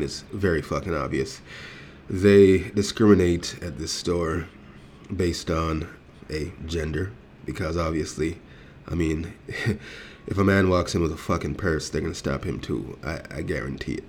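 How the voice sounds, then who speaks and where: A man's voice: low voice, unhurried, a little mellow, slight background noise. A grown man telling a story as a heated, profane rant, acting out the exchanges in it. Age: adult.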